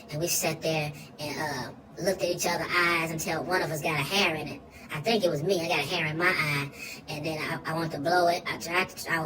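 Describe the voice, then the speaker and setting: A woman's voice: low-pitched, distant mic, lightly acted. A woman playing a goofy, food-loving young boy, rambling through a comic monologue with slang and sudden squealing outbursts.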